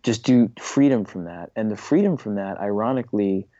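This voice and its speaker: Man with a low, dark, muffled voice. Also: expressive, moderate pace, dry recording. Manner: enthusiastic, rambling storyteller with frequent restarts. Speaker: comic book writer, interview guest. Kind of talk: casual interview talk. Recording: dull lo-fi dry recording.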